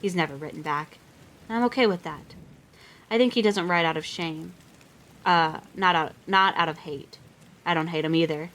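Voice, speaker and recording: A woman's voice: fairly low pitch, normal speed, long pauses, fairly bright tone. A woman reading a novel aloud on a live stream, reading steadily and breaking off now and then for chatty reactions. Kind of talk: live read-aloud with asides.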